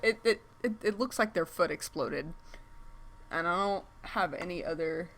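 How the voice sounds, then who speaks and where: A woman's voice: fairly low pitch, normal speed, fairly bright tone, slight background noise. A woman thinking aloud while she sketches on a stream, rambling and easily distracted, with lots of filler words and sudden exclamations. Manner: exclaims at what she sees on screen. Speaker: artist streaming while drawing.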